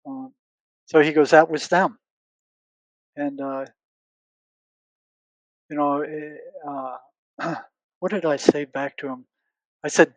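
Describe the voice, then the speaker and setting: An older man, a retired psychotherapist appearing as an interview guest, tells stories earnestly in a voice a bit high for a man. He repeats words while searching for them and relives past conversations, quoting himself and others. The audio is close, dry, and poor, with no room sound.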